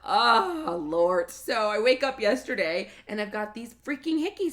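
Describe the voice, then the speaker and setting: A woman's voice: medium pitch, a little slow. A woman in her late twenties, co-hosting a casual podcast chat, telling a story with lots of acted-out quotes. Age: 20s. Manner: animated storytelling, acts out quotes. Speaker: podcast co-host.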